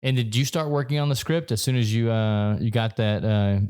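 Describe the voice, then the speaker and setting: A man hosting a podcast, asking quick, curious follow-up questions in casual chat. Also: mid-range voice, fairly even intonation, a little mellow, smooth. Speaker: podcast host.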